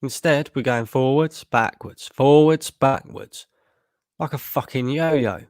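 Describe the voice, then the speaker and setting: A man's voice: mid-range voice, slow, dry recording, studio quality. A man streaming a live match watchalong, tired after a long work shift and bluntly frustrated, swearing freely. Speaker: fan channel streamer.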